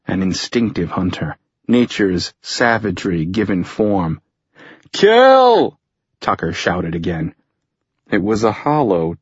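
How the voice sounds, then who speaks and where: Guy reading an audiobook, slow and dramatic, kinda husky, dry dull recording. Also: lowish voice, dry recording. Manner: dramatic, measured storytelling. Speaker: audiobook narrator. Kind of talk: scripted narration.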